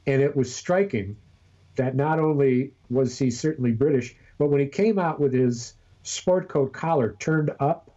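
A man's voice: medium pitch, warm tone, dull audio. A man co-hosting a podcast in casual chat, thoughtful and given to half-singing lyrics he quotes. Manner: thoughtful, breaks into half-sung lyric recitals. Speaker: podcast co-host.

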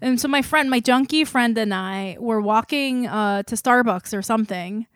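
Woman in her 20s, higher voice, chatty and laughing as she tells a story, dry close mic. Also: moderate pace, clear, resonant tone, no echo. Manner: animated, lots of fillers, laughs through her story. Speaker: podcast host. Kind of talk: casual storytelling chat.

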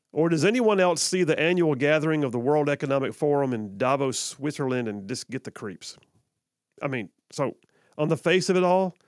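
A man's voice: mid-range voice, dry recording. A man hosting a political talk radio show, delivering an emphatic, folksy monologue full of sarcastic asides into a studio microphone.

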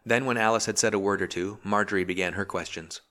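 A man narrating a historical novel as an audiobook in a steady, measured reading. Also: lowish voice. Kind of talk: scripted narration.

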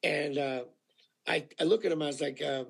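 Gravelly high-voiced man telling stories. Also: normal speed. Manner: animated storyteller with many fillers, acting out quotes. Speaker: actor guest. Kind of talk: casual anecdote telling.

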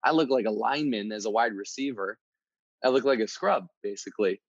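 A man hosting a motivational podcast, telling a personal story in a casual, energetic way and often repeating himself. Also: fairly low pitch, brisk, no echo. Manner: energetic, conversational, repeats words. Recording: dull, dry sound.

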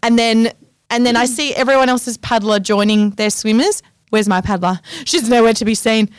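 A woman's voice: on the high side, normal speed, smooth, no room sound. A young Australian woman co-hosting a podcast, telling a story in casual chat with swearing and laughter. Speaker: podcast co-host.

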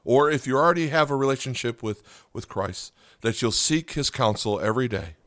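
A man gives a relaxed, conversational sermon for a podcast, often turning to the listeners with quick questions. His voice sits at an ordinary middle pitch. The sound is close and dry, with no room around it. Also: no room sound. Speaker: pastor.

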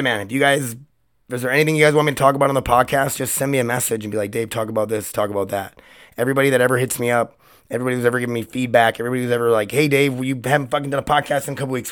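A man hosting his own solo podcast, his voice hoarse and cracking, rambling in a loose, chatty way with plenty of swearing. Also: medium pitch, fairly bright tone. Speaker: podcast host. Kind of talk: casual solo podcast monologue.

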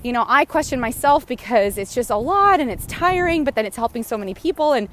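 A woman hosting a podcast talks through her frustrations in a loose, rambling monologue, dropping swear words freely. She is recorded outdoors on a walk, and faint outdoor ambience sits behind her fairly high voice. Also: expressive, a little fast, fairly bright tone, slight background noise. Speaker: podcast host. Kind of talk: casual spoken monologue. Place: outdoors, walking near a goose.

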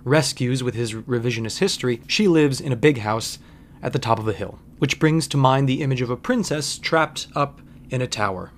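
A man's voice: mid-range voice, moderate pace, slight background noise. A man hosting a podcast, giving a wry, conversational film commentary monologue with frequent asides. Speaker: podcast host.

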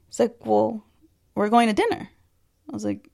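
A woman's voice: fairly high pitch, wildly swooping pitch, unhurried, creaky. A woman co-hosting a podcast, telling a story in a wry way, laughing often and swearing casually. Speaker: podcast co-host.

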